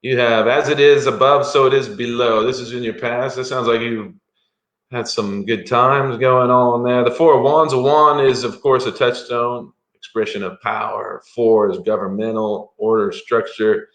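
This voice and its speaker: A man's voice: mid-range voice, steady tone, normal speed, fairly bright tone. A man doing a live-stream tarot reading as a psychic, chatty and rambling, with frequent chuckles. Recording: echoey room.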